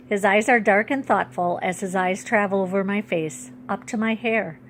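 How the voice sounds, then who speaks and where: A woman's voice: mid-range voice, a little hiss or hum. Woman author reading her storybook aloud. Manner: expressive storytelling, rising and slowing for emphasis. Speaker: children's book author.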